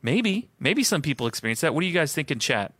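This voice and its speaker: A married man co-hosting a casual Christian talk stream, thinking out loud and posing questions to his partner and the chat. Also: a little high, big pitch swings, quick pace, breathy edge. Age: adult, married. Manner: thoughtful, musing, asks questions aloud. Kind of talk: casual faith discussion.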